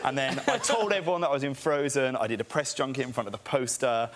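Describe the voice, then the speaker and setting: A man's voice: medium pitch, quick pace. A man in his thirties, a chat show guest telling comic stories about himself, often laughing as he talks. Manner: self-mocking, laughing through stories. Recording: loud background noise.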